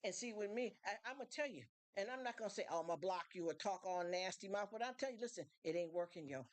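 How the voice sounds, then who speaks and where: A woman's voice: medium pitch, expressive, quick pace. A middle-aged woman hosting a live stream, talking candidly and emphatically to her chat.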